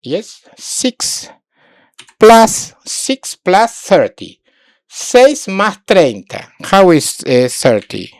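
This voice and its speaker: A woman teaching a Sanskrit lesson online, thinking aloud while she works on screen, halting and repeating words, often restating them in Spanish. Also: mid-range voice, very animated, darkish tone.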